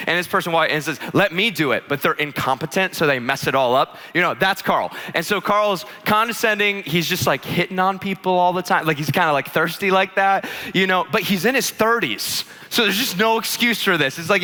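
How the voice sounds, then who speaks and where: A male pastor telling a sermon story, animated and chatty with lots of fillers. His voice is bright and a little high, and it carries the long reverb of a church auditorium.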